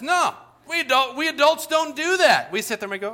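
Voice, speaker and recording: A man preaching a sermon as pastor, talking straight to the congregation and telling lively stories. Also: extremely high pitch, a little fast, a little hiss or hum.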